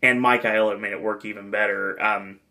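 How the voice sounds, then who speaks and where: A man's voice: on the low side, fairly even intonation, normal speed, sharp tone. A man hosting a casual podcast review, talking in a rambling, enthusiastic way with lots of fillers. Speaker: podcast host reviewing a theme park event.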